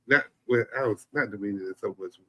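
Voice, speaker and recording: A man's voice: fairly low pitch, fast talker, pushed and bright, slightly rough. A man co-hosting a casual relationship podcast, speaking emphatically and repeating himself to drive a point home. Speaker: podcast co-host.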